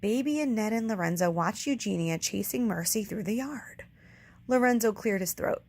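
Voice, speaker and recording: A woman teacher reading a children's book aloud, pausing to explain words for young kids. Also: mid-range voice, darkish tone.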